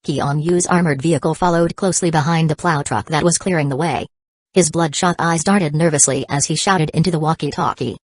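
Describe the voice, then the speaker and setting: A woman narrating an action novel as an audiobook, reading in an even, steady way. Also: deep voice, fairly quick, dry recording.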